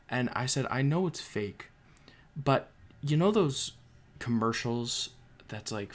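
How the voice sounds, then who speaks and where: A young man talks through his thoughts on a book in a loose, unscripted way. He gets carried away, stumbles over his words and restarts sentences often. His voice sits at an ordinary middle pitch for a man. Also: moderate pace. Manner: emotional, rambling, frequent restarts and fillers. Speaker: book reviewer. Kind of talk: casual spoken book review.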